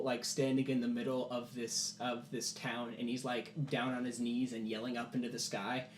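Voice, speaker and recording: A man narrating a tabletop game as game master, in animated storytelling. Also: medium pitch, echoey room, a little hiss or hum. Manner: animated storytelling, many "like" fillers.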